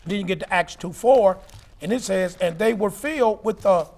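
A man preaching and teaching scripture, emphatic, rising to shouts and spelling out words. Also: high-pitched, normal speed. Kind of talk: sermon-style Bible teaching.

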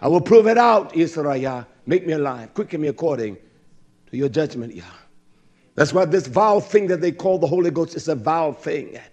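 High-voiced man preaching with sharp swings. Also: animated. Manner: swings from shouted high exclamations to low murmurs; quotes and expounds scripture, drawn-out emphatic words. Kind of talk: sermon.

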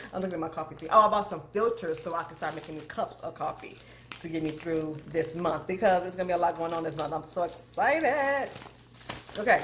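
A woman chatting casually to her viewers while unboxing in her home kitchen, animated and calling them "y'all". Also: deep voice. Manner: animated, addresses viewers as "y'all", frequent "okay?". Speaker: cooking channel vlogger. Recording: echoey kitchen with clear background noise.

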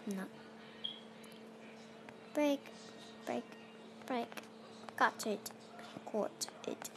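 A let's play creator, a young girl, speaks very slowly in a gravelly, somewhat high woman's voice while casually playing a block-building game. She rambles, talks to herself and uses non-native phrasing, and background noise is present.

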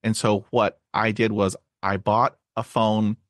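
A man who stutters, hosting a podcast and sharing his own experience in a halting way, with many fillers and repeated words. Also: fairly low pitch, little pitch movement, no room sound, clean studio sound. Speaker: podcast host. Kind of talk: casual conversation.

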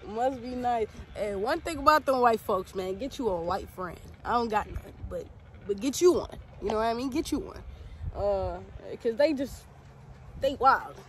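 A woman's voice: fairly high pitch, animated, moderate pace, a bit bright. A young woman vlogging outdoors in nature, chatting playfully and straight to her viewers. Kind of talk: casual chat to camera. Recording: outdoor camera audio with clear background noise.

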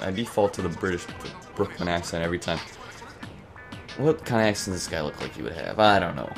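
A chatty young man with a fairly low voice that swings widely in pitch as he rambles through his let's-play commentary. He pokes fun at himself as he goes, with soft music playing under the game sounds. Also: expressive, fast talker, gravelly. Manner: chatty, rambling, self-mocking. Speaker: gaming channel host.

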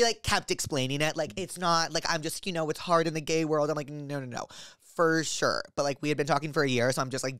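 A man's voice: fairly high pitch, clean tone, no room sound, studio quality. A young man hosting a podcast, telling a story in rambling casual chat full of "like". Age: young adult. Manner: rambling, animated, heavy use of filler "like". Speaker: podcast host.

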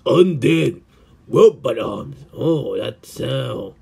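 A gravelly cartoon killer taunting his victim slowly, as a man puts him on for a fan dub. His husky voice drops low and rolls out each mocking line with chuckles. The pitch swings widely between sneers. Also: sing-song, a little mellow, exaggerated voice. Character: teasing sinister adult male killer, mocking.

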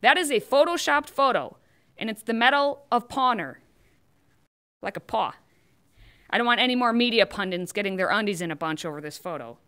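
A woman's voice: mid-range voice, expressive, brisk, a bit bright. Sarcastic woman hosting political commentary. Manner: sarcastic, mocking asides. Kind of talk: scripted commentary.

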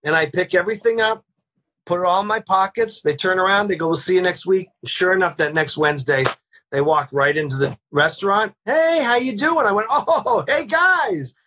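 A man on a remote call, telling animated anecdotes in casual storytelling style and acting out the people he quotes. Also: high-pitched, a little fast. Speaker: podcast guest. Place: home, remote video call.

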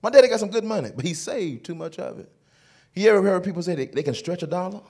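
Animated, husky male stand-up comic. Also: high voice, fast talker. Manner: animated storytelling, playful. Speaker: comedian. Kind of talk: stand-up comedy at church.

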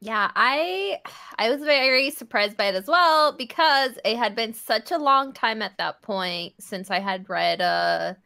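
A woman co-hosting a podcast, chatting casually and enthusiastically in quick bursts. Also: a little high, lively intonation, gravelly, bright, forceful tone, clear, resonant tone. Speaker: podcast co-host. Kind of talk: casual chat.

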